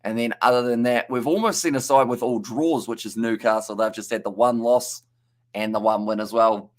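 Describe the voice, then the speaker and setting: A man's voice: mid-range voice, fairly even intonation, normal speed. Chatty New Zealand man calling a match. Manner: chatty play-by-play, reads out viewer chat, stumbles on names. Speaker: live match commentator. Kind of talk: casual live reaction commentary.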